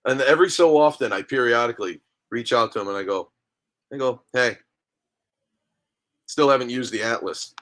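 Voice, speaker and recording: A man, a guest on a podcast, chatting casually and telling animated stories with acted-out dialogue. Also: medium pitch, moderate pace, long pauses. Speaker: guest, minor league hockey goalie. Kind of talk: casual interview chat.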